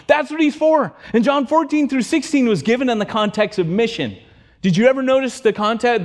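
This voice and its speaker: Brief: middle-aged male pastor, high-pitched, lively sermon storyteller who does the voices. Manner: animated storytelling, acts out voices, swings from loud to hushed.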